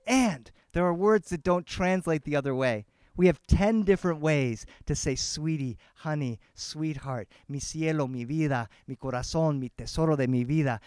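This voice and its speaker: A man telling a family story to a live audience, animated and switching between English and Spanish. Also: a little high, smooth, no echo, studio quality. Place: outdoor garden festival.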